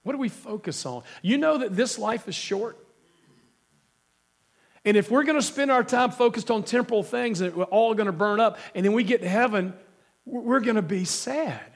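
A male pastor delivers an emphatic sermon while nursing a cold. His voice sits high for a man, and he keeps turning to the congregation with questions. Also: husky. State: has a cold.

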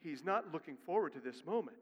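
A man preaching a sermon in a church sanctuary, his voice a touch high. He shifts between fast, hushed asides and loud, climbing emphasis. A long reverb from the hall trails after each phrase. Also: expressive. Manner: swings from quiet, quick asides to loud, rising emphasis. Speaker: pastor.

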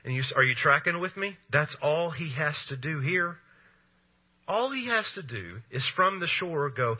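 A male pastor preaching a sermon, asking rhetorical questions and pausing for effect, with a husky voice. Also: a little high, animated, highs cut off.

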